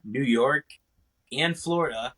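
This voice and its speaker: A man's voice: mid-range voice, slow, fairly bright tone, low-quality recording. A young man hosting a casual podcast chat, joking and teasing his guests and swearing casually. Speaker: podcast host.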